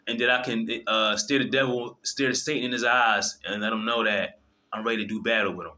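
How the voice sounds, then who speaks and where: A man preaching straight to his viewers in a fervent, profane stream. His voice is bright and forceful, with the pitch sitting in a middle range. He keeps stumbling and restarting as his words pile up. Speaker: video host. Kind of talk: impassioned religious monologue.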